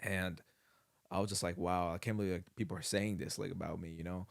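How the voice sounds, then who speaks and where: A young man telling a personal story in a rambling, excitable way, full of fillers. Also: low voice, a little fast, gravelly. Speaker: podcast host. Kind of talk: casual storytelling.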